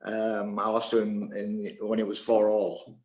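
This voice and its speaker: A man's voice: on the low side, monotone, unhurried, a little mellow, roomy sound, poor audio. An older man from England, a former table tennis player and coach, reminiscing in a Q&A in a hesitant way, with many fillers and restarts. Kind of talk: casual reminiscing in a Q&A.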